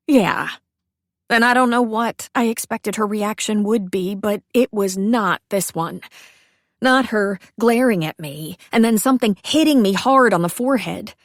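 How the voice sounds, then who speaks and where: Young woman narrator, wry and self-deprecating, unhurried pace, dry close sound. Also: medium pitch, dry recording. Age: young adult. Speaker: audiobook narrator. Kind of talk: first-person romance narration.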